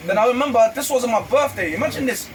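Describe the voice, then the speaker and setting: A man's voice: very high-pitched, racing, recorded from a distance, a little hiss or hum, poor audio. A man, guest on a barber shop interview, telling stories animatedly with lots of slang. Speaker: guest rapper. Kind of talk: casual interview chat.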